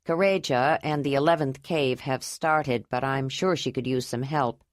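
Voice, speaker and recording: A woman voicing a calm, practical male leader giving orders in a storybook reading. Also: rumbling low, moderate pace, dry recording, clean studio sound, voice pushed down. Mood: commanding. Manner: firm, commanding.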